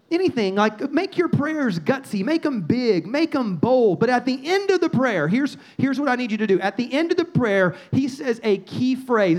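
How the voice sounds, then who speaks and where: With a high voice, a middle-aged man preaches as pastor. His sermon is animated and punchy, full of repeated phrases and quoted asides.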